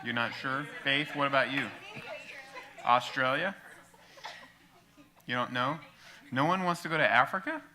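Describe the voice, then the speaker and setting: A man leading a youth group question session, prompting the room with quick questions. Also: medium pitch, pushed and bright, a faint crowd. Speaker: youth pastor.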